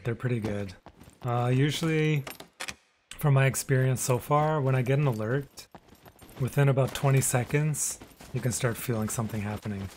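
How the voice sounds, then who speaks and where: A live game streamer talks easily and aimlessly with his audience, his words frequently fading into soft mumbles. He has a mid-range voice, and the recording carries a bit of hiss or hum.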